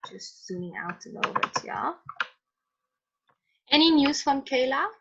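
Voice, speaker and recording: A woman teaches a chemistry class online, patiently calling on students by name in a high, expressive voice that is a little slow. Her computer mic on the video call yields dull, lo-fi call audio.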